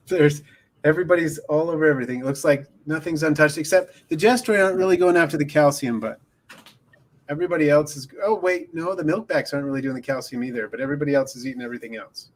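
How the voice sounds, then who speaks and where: A man's voice: on the high side, fast talker. A man chatting casually on a livestream in an easygoing, hesitant way, often chuckling. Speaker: guest isopod keeper.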